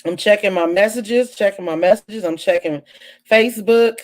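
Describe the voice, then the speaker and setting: A woman with a mid-range voice hosts her own live online show at a normal speed. She chats casually and animatedly with viewers, full of exclamations and asides.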